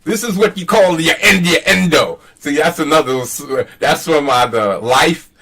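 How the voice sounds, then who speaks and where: A man's voice: on the high side, a little slow, sharp tone, echoey room, recorded from a distance. A man hosting his own channel in a heated casual rant, profane, emphatic and argumentative. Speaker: channel host.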